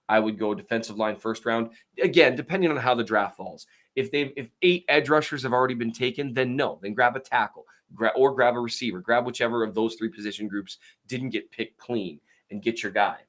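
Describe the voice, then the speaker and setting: A man hosting a show, answering viewer questions in a rambling casual chat with many fillers and restarts. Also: mid-range voice. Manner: tries to talk louder and slower.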